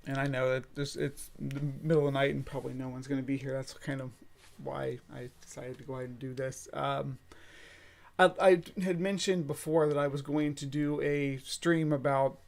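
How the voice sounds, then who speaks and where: A man hosting a casual late-night livestream from a room at home, talking in a halting, rambling way full of filler sounds. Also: medium pitch, steady tone, creaky. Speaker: streamer hosting a late-night bug stream. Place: home room set up for streaming.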